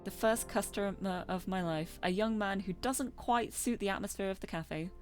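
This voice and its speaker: A woman's voice: medium pitch, moderate pace, faint music behind. A woman streamer reading a visual novel aloud, playful and self-mocking.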